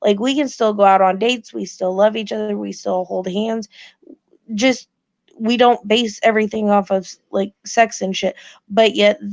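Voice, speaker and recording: A woman's voice: mid-range voice, steady tone, normal speed, a little mellow, no echo, dull audio. A woman defending herself bluntly in a livestream argument, swearing and saying "like" a lot.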